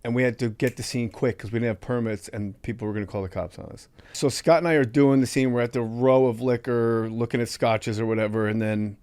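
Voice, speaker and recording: A man hosting a podcast, telling profane, animated stories in casual chat and acting out the people he quotes. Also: mid-range voice, a little fast, clean tone, dry recording. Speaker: podcast host.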